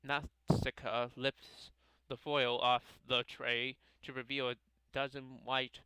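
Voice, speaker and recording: A man reading a visual novel aloud in a casual playthrough, halting and stumbling over names as he corrects himself. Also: medium pitch, flat delivery, bright, forceful tone, smooth, dry recording, poor audio. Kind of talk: casual game playthrough narration.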